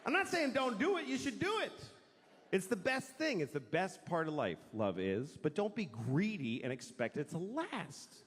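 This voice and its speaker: A man performs stand-up comedy, swearing freely and acting out the voices of people in his stories. His voice sits high and sing-song, a bit bright, at normal speed, with long hall reverb and faint noise.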